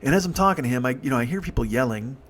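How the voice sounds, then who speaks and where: Man, 50s, comedy host, storytelling monologue, rambling, profane, frequent restarts, mid pitch. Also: lively intonation, rapid-fire, a bit bright.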